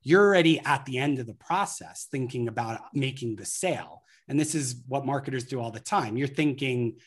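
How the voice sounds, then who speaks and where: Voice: medium pitch, brisk, slightly rough. A guest in an interview explaining marketing ideas through acted-out anecdotes in a casual way. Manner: anecdotal, acts out scenarios.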